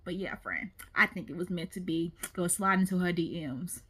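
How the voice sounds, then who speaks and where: A woman's voice: lowish voice, normal speed, a little hiss or hum. A woman hosting a reaction video, chatting casually and expressively about the clips she watches. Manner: chatty, expressive, laughs often.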